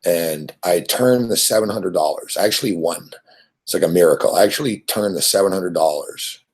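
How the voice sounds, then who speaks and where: A man's voice: sits low, a little fast, husky. A man from Montreal, hosting and telling a rambling, profane story that keeps repeating itself. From Montreal, Canada. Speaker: host.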